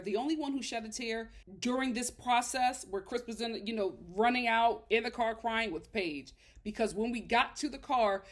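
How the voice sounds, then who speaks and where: A woman talking through a reality show episode in loose, chatty commentary. She is sassy and emphatic, leaning hard on her points, and her voice sits fairly high. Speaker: reality TV reviewer. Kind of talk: casual commentary.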